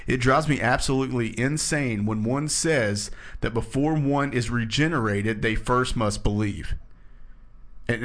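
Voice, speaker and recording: A man's voice: medium pitch, a bit bright. A man leading a casual scripture discussion, reading verses aloud and explaining them in an earnest, emphatic way. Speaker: Bible study discussion leader.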